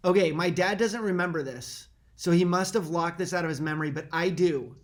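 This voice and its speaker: A man prompting family stories and retelling his side casually and quickly. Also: high-pitched.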